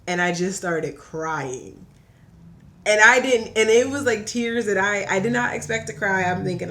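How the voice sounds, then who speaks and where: A woman from Virginia chatting on a podcast as a guest, telling a story in a lively way and acting out the voices she quotes. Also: medium pitch, unhurried, slight background noise. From Hampton Roads, Virginia. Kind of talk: casual chat.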